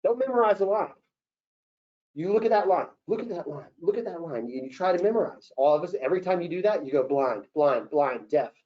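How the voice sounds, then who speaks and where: A man running an acting Q&A as a casting director, coaching actors in an animated way and acting out example lines. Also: fairly high pitch, a little fast. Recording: dull lo-fi session recording.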